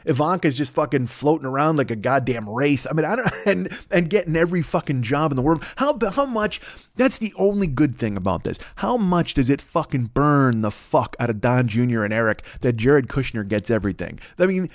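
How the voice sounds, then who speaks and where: A man hosting a comedy podcast who rambles through a foul-mouthed rant, cutting himself off and restarting as he goes. His pitch sits in the middle range for a man. The sound is dry and close, with no room echo. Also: expressive, brisk. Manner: rambling, heavy swearing, self-interrupting. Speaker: podcast host.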